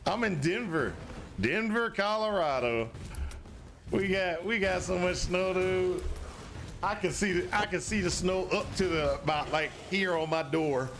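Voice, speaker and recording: A man's voice: high voice, a little slow, a bit bright, slight background noise. A man from North Carolina streaming a video game, chatting casually in a rambling, repetitive way. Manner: rambling and repetitive, restarts phrases. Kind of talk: casual chat while gaming.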